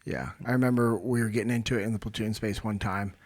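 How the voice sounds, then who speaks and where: A man's voice: on the low side, fairly even intonation, quick pace. A man hosting a podcast, a former Navy SEAL, talking in an easygoing, plain-spoken casual chat.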